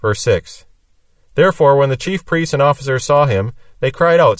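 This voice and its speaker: A man's voice: medium pitch, expressive, normal speed, dry recording, recorded from a distance. A man teaching through a Bible passage verse by verse, reading each verse and then explaining it. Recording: dry sound from off the mic.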